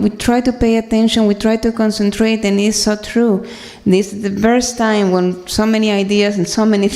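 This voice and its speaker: A woman's voice: medium pitch, darkish tone. Earnest woman speaking in a reverberant hall. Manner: earnest, halting, many fillers and restarts. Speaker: speaker sharing at a devotional gathering. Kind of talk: personal talk to a congregation.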